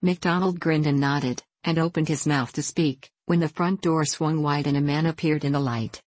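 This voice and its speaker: Audiobook narrator, woman, low voice, dry close sound, steady measured read. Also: no room sound. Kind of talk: scripted narration.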